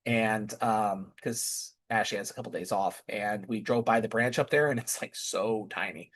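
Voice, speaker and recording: A man's voice: fairly low pitch, normal speed, a bit bright. A man chatting casually through a family update, rambling and often restarting and correcting himself mid-sentence. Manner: chatty, easily amused. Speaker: vlogger.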